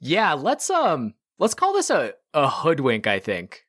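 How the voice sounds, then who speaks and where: Dry-sounding relaxed game master. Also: male voice, fairly high pitch, unhurried, dry recording. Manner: relaxed, supportive, hesitant fillers. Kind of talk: narrating a tabletop game.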